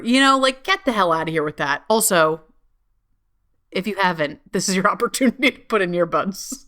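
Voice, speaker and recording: Chatty lady podcaster, cusses a ton, bright voice, pitch jumps way up now and then. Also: normal speed. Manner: chatty, heavy swearing and frequent "like" fillers; animated, with sudden jumps up in pitch. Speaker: podcast host. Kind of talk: casual solo podcast monologue.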